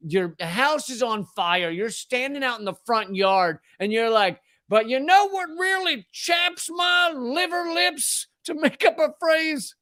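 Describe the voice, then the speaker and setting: A male comedian from the Southern US delivers a fiery, profane political rant, tripping over his words as he pushes ahead. His voice sits high and sounds dry and close. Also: fairly bright tone, no room sound. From Southern United States. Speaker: comedian host.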